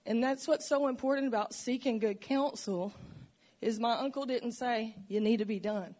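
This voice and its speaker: A woman's voice: on the high side, normal speed, a little mellow. A woman giving a personal testimony in a church, speaking earnestly and reflectively about her faith and struggles. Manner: earnest, emotional, reflective storytelling. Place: church sanctuary.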